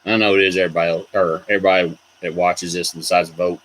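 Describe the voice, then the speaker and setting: A man's voice: deep voice, level tone, quick pace, a bit bright, a little hiss or hum, rough recording. A man hosting a casual video, rambling about collectible figures and reacting to viewer comments. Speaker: toy collector host. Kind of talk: casual chat.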